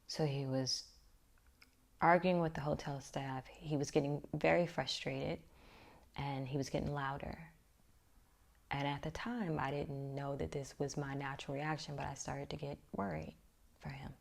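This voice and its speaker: A woman's voice: low-pitched, flat delivery, moderate pace, creaky. A woman vlogger telling a personal story in a reflective way, often dropping to a near-whisper.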